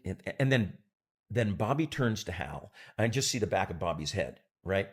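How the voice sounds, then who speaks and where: A man's voice: mid-range voice, animated, moderate pace. A man in his sixties, an actor, telling a backstage story in a chat and acting out other people's lines. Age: 60s. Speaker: actor and guest.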